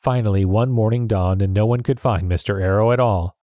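A man narrating a storybook in an even, clear storytelling voice. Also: fairly low pitch, a little fast, no room sound, clean studio sound. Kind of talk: storybook reading.

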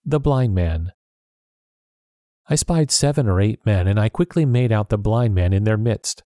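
A man reading a storybook chapter aloud at a steady pace, his voice low and mellow. He keeps an even, plain delivery. The sound is dry and close to the microphone. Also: a little slow, no echo. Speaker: audiobook narrator. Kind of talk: storybook narration.

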